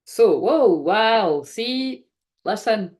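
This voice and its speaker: A woman's voice: a little high, lively intonation, extremely slow, a little mellow. A woman hosting a casual live-stream tarot reading, chatting to viewers, laughing often and swearing casually. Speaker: tarot card reader and livestream host.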